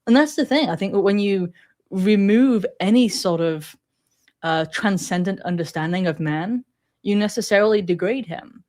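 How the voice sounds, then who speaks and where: A woman from England with a Sheffield accent softened by years in America, talking animatedly as an interview guest and often laughing. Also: medium pitch, normal speed. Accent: Sheffield English with a slight American twist. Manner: animated, laughs often, puts on voices to quote others. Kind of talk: conversational interview.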